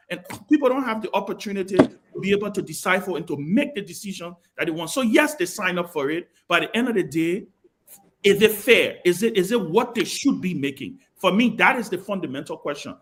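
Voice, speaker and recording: High-voiced impassioned Liberian man. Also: a bit bright. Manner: passionate, repeats words while holding the floor. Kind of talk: heated panel debate. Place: television studio.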